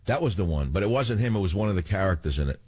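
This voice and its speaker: Older male talk-radio host, slightly low voice, theatrical and wisecracking, dry studio mic. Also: expressive, rapid-fire, a little mellow, no echo. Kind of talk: talk radio chat and monologue.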